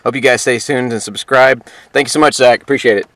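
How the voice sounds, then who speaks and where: A man's voice: mid-range voice, steady tone, fast talker, fairly bright tone, no room sound. A man hosting an interview, casual and friendly as he asks questions and thanks his guest. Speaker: host.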